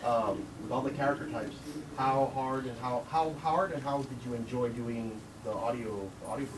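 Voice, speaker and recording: A man's voice: medium pitch, moderate pace. A man in the audience asking a rambling question. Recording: echoey room, distant and noisy.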